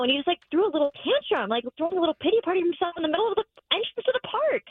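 A woman's voice: very high-pitched, lively intonation, racing, dry recording. Hesitant woman on a tinny phone line. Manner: hesitant, giggly storyteller with many fillers. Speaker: caller on the phone. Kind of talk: phone call on a radio show.

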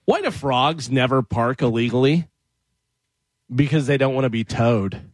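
A man's voice: medium pitch, expressive, moderate pace, no room sound. A man on a radio show reading out corny jokes in playful studio banter.

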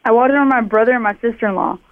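A woman's voice: fairly high pitch, very fast. A woman calling into a radio show, telling an awkward story in a flustered, giggly way. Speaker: caller. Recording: tinny phone line.

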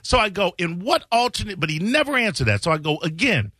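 A man tells a story on his radio show in an animated, sarcastic way and reads out tweets in mocking voices. His voice is bright and swings widely in pitch. The sound is dry and close to the mic. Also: fast talker, few pauses, dry recording. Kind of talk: casual talk-radio storytelling.

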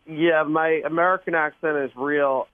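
A man's voice: a little high, fairly even intonation, moderate pace, clear, resonant tone. A man from Canada on a phone call to a radio show, sounding sheepish. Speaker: caller. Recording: tinny phone line.

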